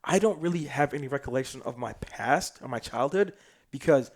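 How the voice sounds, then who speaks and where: A man from South Sudan talks as a podcast guest in loose, slangy storytelling. His mid-range voice swings from loud, excited bursts down to hushed asides as he relives the moment. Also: mid-range voice, a little fast. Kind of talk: casual storytelling chat.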